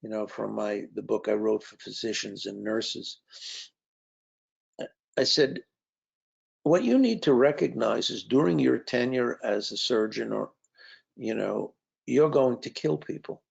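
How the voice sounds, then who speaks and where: Gravelly man telling stories in a talk. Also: fairly low pitch, measured pace, pauses often, a little mellow. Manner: conversational, anecdotal, with frequent fillers. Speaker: author and speaker. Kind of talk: storytelling talk. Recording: dull lo-fi recording.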